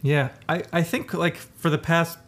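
A man's voice: fairly high pitch, steady tone, measured pace, a bit bright. A man co-hosting a podcast in casual chat, joking and rambling, often laughing. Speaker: podcast co-host.

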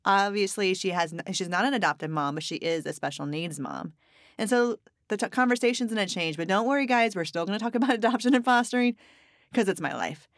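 A playful woman hosting a podcast, talking in a loose, chatty way and joking easily. Her voice sits at a middling pitch. The sound is dry and close. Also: expressive, a little fast, dry recording. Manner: playful, chatty, laughs often. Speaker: podcast host. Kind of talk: casual podcast chat.

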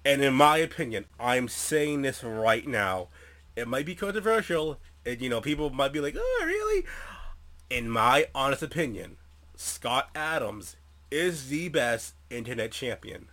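A man's voice: mid-range voice, lively intonation, a little slow, pushed and bright. A young man chatting casually and rambling, teasing his friend and laughing often. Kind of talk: casual chat.

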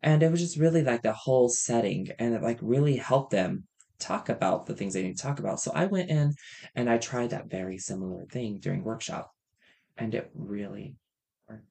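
Excitable, loud man who teaches kindergarten. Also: mid-range voice, moderate pace, gravelly. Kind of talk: casual chat among teachers.

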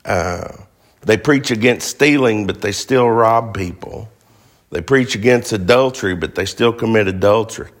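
A man's voice: lowish voice, moderate pace. A man preaching a sermon, emphatic, firing rhetorical questions at the congregation.

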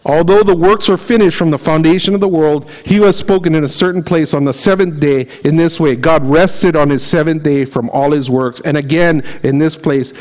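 A middle-aged man preaching in a relaxed, conversational way, his voice sitting a little higher than most men's. He reads scripture aloud and slips into lively storytelling. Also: fairly quick, few pauses, poor audio. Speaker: pastor. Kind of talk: sermon.

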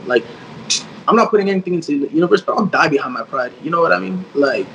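A young man in his twenties tells a story in a relaxed, slangy way, full of fillers, and acts out what others said. The recording sounds a little muffled. A faint hum sits underneath. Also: fairly high pitch, quick pace. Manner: slangy, many fillers, retells quotes. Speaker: guest artist. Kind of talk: casual storytelling.

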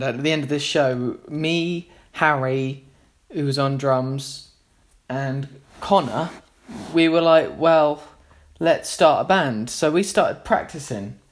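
Rambling man telling stories. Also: mid-range voice. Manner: rambling, many fillers and restarts. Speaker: musician. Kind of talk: casual anecdotal storytelling.

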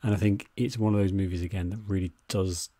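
A man's voice: sits low, fairly even intonation, quick pace, warm tone, dry recording. A British man co-hosting a podcast, chatting casually about a film with dry, teasing humour. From Britain. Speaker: podcast co-host.

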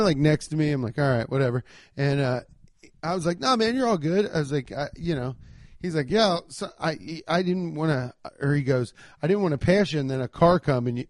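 A man's voice: a little high, no room sound, studio quality. Profane, ranting man telling a story. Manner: profane, animated, ranting retelling with quoted dialogue. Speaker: comedian podcast host. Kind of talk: casual storytelling monologue.

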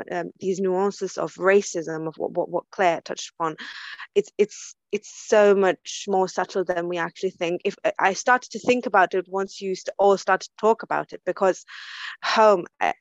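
A woman's voice: on the low side, no echo, muffled recording. A woman from Germany talking earnestly in a casual group discussion, often restarting and repeating words. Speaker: panel guest.

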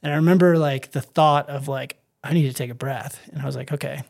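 A man's voice: a little high, fairly even intonation, fast talker, vocal fry, darkish tone. A man telling his own story in a casual interview, rambling with many fillers and acting out his own thoughts. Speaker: guest.

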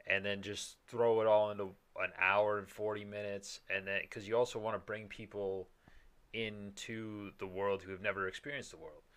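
A man's voice: on the low side, sharp tone, clear, resonant tone. A man in casual chat, rambling with many restarts and the odd swear word.

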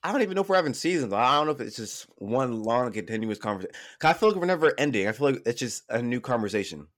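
A man co-hosting a podcast, telling a story in casual chat, animated and swearing freely, getting over a cold. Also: medium pitch, rapid-fire. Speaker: podcast co-host.

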